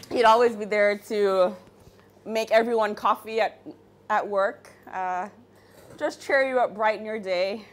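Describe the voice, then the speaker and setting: Woman, eulogy speaker, slow and emotional, halting with nervous laughs. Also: medium pitch, steady tone, a little hiss or hum. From Jamaica. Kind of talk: memorial eulogy.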